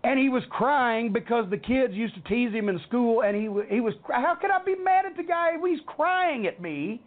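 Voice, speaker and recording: A man's voice: very high voice, expressive, moderate pace. A middle-aged man, telling a heated, swearing story as host of a rant podcast. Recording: tinny phone-like audio.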